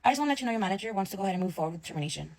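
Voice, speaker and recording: A woman's voice: mid-range voice, lively intonation, very fast, darkish tone, rough recording. A young woman telling a story in a casual rant, blunt and swearing often, acting out both sides of her conversations.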